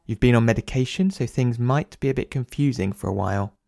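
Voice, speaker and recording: A man voicing the prime minister's wife, gently placating and condescending, in an audio drama. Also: medium pitch, brisk, gravelly, no room sound, clean studio sound, close to an everyday voice. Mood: soothing. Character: soothing, patronizing wife of the prime minister, adult woman.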